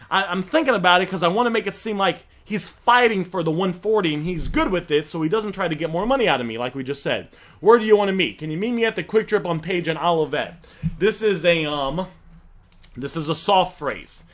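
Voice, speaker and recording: A man's voice: high voice, very animated, brisk, a bit bright. A man casually walking viewers through how he negotiates deals, acting out the text messages as he reads them. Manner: talks straight to viewers, acts out text exchanges. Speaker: online reselling coach. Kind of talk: casual instructional walkthrough.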